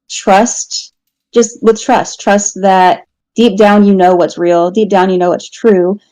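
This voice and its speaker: A woman's voice: medium pitch, dark tone, no room sound, rough recording. A woman, a guest on a talk show, candidly telling a personal story and laughing at herself now and then. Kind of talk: casual personal testimony.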